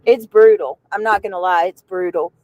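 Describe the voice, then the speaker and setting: A woman's voice: mid-range voice, moderate pace, darkish tone, rough recording. A woman from the American South chatting with viewers on a livestream while riding in a car, rambling and easily sidetracked. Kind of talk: casual livestream chat.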